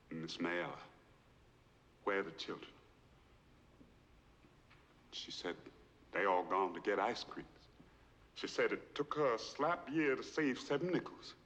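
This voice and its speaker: An actor playing a humble, soft-spoken man testifying on the stand in an old film drama. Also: sits low, slight background noise, full character voice. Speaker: witness in a courtroom film scene. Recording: long hall reverb, old film clip.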